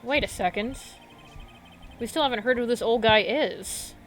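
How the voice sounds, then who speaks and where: A woman streamer chatting casually during a live game stream, cooing softly to her cat. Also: on the high side, normal speed, slight background noise. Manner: soft, cooing baby talk to her cat.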